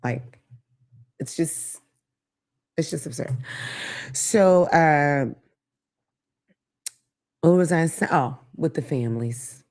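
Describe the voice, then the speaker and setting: A woman's voice: deep voice, slow, long pauses. A woman hosting her own talk show, ranting casually with blunt, profane commentary. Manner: blunt, profane, animated rants. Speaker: podcast host.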